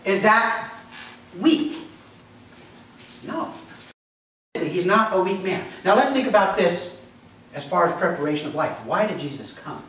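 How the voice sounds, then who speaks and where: A man's voice: on the high side, fairly bright tone, heavy reverb, far from the mic, a little hiss or hum, rough recording. A man preaching a sermon as pastor, talking conversationally, quizzing the congregation and acting out voices. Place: church.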